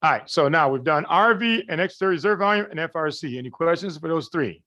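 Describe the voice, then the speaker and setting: Fairly high-voiced man lecturing a class. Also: lively intonation, fast talker, bright, forceful tone, muffled recording. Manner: keeps checking the class understands, asks rhetorical questions; colloquial, folksy phrasing. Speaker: medical lecturer.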